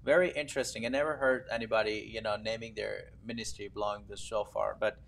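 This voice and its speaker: Low, gravelly male talk show host. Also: steady tone, a bit bright. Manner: enthusiastic, halting questions. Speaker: TV interview host. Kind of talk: interview.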